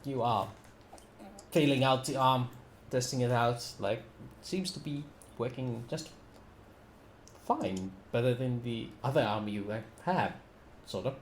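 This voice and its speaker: A man running a tabletop game session as game master, relaxed and laughing often. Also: medium pitch, measured pace, reverberant, a little hiss or hum.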